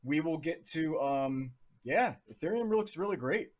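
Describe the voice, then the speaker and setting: A man's voice: fairly high pitch, expressive, unhurried. A man in his thirties from New Jersey, casually talking through charts on a live stream in a chatty, jokey way. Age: 30s. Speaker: crypto livestream host.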